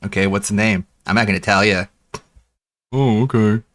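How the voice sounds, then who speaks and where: A man's voice: on the low side, fairly even intonation, normal speed. A man casually recounting a story to a friend, laughing and quoting others. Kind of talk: casual chat.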